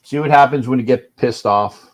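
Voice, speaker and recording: Brief: male host, mid-pitched voice, annoyed rambling livestream talk at home. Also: normal speed. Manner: grumbling, irritated, repeats and restarts phrases. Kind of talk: casual livestream chat.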